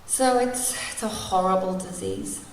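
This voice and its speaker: In a large convention hall, a woman in her forties gives a personal share at a recovery meeting, candidly and wryly laughing through painful memories. She speaks unhurriedly in a mid-range voice, and the distant, echoey recording has slight background noise.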